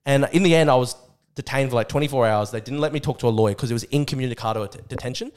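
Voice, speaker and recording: A young man with an Australian accent, talking as a podcast guest, rushing through his story at a quick clip. His delivery is casual, profane and excitable, with plenty of fillers. His voice sits at an ordinary pitch. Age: young adult. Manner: rapid, profane, excitable retelling.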